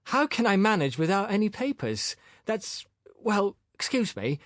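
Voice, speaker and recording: A man's voice: high-pitched, sing-song, measured pace, no room sound, clean studio sound, voice pushed up. A male narrator voicing a boorish, insolent young man who talks back cockily and indignantly. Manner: cocky, indignant, sullen.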